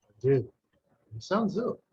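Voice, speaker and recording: A man voicing a solemn artificial construct in a tabletop game, speaking slowly and gravely. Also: on the high side, big pitch swings, mellow, muffled recording, a little hiss or hum. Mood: concerned. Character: solemn artificial construct companion, male-sounding.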